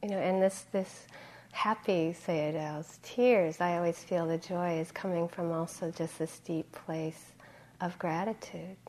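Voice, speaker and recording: A woman meditation teacher speaks in an easygoing, conversational way during a dharma talk. She pauses with fillers and clears her throat often. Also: on the low side, steady tone, a little mellow, slight background noise.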